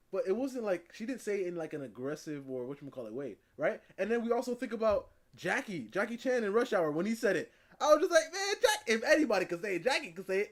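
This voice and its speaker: Animated streamer man, lively pitch. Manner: animated, laughing, repeats words for emphasis. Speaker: live-stream host. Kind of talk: casual chat reacting to a video.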